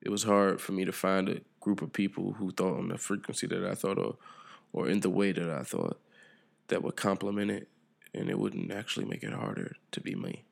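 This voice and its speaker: Male solo podcast host, low and gravelly, reflective, profane, rambling monologue. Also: lively intonation, a little fast. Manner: reflective, loose and profane, trails off and restarts.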